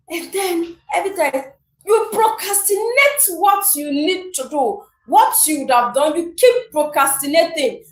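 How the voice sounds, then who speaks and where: A woman giving a motivational talk to viewers, animated and acting out the people she describes. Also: high-pitched, a little slow. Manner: animated, acts out imagined people. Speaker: motivational speaker. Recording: roomy echo.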